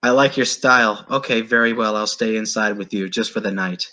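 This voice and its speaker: A man playing a smug, snobby male dark warrior in a tabletop game, talking down with a smirk. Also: on the low side, brisk. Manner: smirking, condescending.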